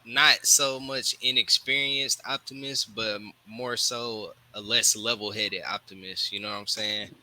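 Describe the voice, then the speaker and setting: A man's voice: on the low side, steady tone, unhurried, few pauses, pushed and bright, rough recording. A young man on a podcast panel, chatting casually and easily about a movie.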